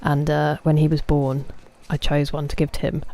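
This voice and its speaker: A woman's voice: sits low, monotone, normal speed, vocal fry, mellow. An English woman in her thirties streaming a game, chatting in a rambling, self-mocking way. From England. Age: 30s. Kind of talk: casual chat.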